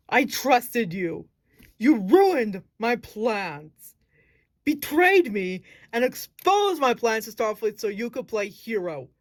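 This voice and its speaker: A bitter, vengeful space villain captain who sees himself as the galaxy's rightful ruler, as a woman reads him aloud in rehearsal. He sneers with scorn and swears revenge. The voice sits at a middle pitch, close and dry, with no room sound. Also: no echo. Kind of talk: monologue rehearsal reading.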